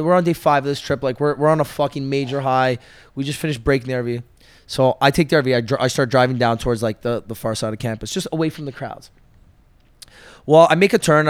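Fast-talking young man telling a story. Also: mid-range voice. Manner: animated, swearing, fast storytelling. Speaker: podcast co-host. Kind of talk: casual storytelling.

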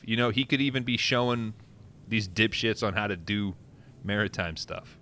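A man's voice: fairly low pitch, fairly even intonation, normal speed, a bit bright. A man co-hosting a casual podcast, making wry, sarcastic asides about a movie. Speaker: podcast co-host. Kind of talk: casual movie recap chat.

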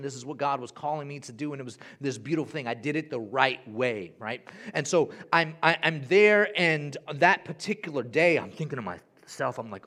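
A young man preaching a sermon as pastor, swinging between loud, high-pitched bursts and hushed, low passages.

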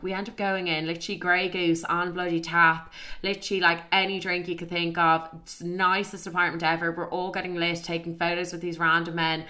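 Young Irish woman, casual storyteller, chatty and sweary, lowish bright voice. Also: flat delivery, fairly quick. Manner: chatty, peppered with "like", swears freely.

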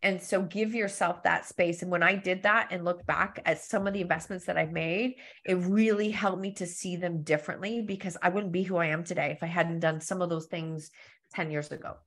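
A woman speaks as a guest on a live-stream interview, her voice sitting a little low with a gravelly, fried edge. She talks earnestly and candidly through personal anecdotes, heard over a remote call mic. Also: fairly even intonation, brisk, fairly bright tone. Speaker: guest, storytelling business coach.

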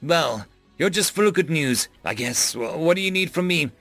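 A man's voice: on the high side, lively intonation, normal speed, a bit bright, faint music behind, pitched above the performer's own voice. A man voicing a wary, blunt alien woman living alone on a station.

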